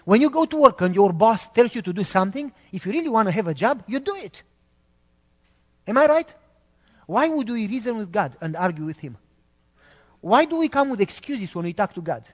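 A man from Romania, preaching a sermon in an animated, emphatic way. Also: high-pitched, fairly quick, long reverb tail.

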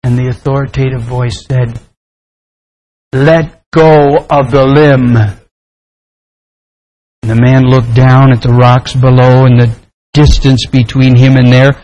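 A man pastor preaching a sermon, praying and telling a story in an earnest, deliberate way. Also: medium pitch, monotone, mellow, rough recording. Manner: slow, deliberate, earnest delivery.

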